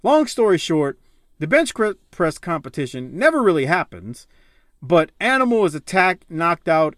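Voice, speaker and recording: A man hosting a casual podcast chat, animated and joking, laughing and swearing with his co-hosts. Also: a little high, dry recording, clean studio sound. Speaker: podcast host.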